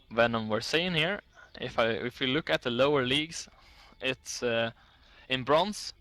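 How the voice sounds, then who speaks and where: A man's voice: medium pitch, a bit bright. A man casting an esports match, chatting casually and reading out statistics with frequent laughs. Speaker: esports caster.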